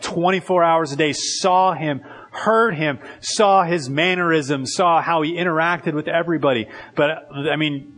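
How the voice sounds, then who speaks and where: Conversational male pastor with a fairly high voice. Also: fairly bright tone, husky. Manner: conversational, frequent "like" and restarts. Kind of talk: sermon.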